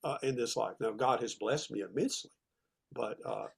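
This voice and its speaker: Southern guy telling his story, raspy gravelly voice, earnest and plain. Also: medium pitch, normal speed. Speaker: podcast guest, former teacher. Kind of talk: earnest interview conversation.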